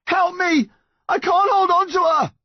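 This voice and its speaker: A man voicing a desperate young boy who yells and pleads as he clings to his mother. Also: on the low side, expressive, brisk, breathy edge, no echo, lo-fi sound. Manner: yelling, pleading.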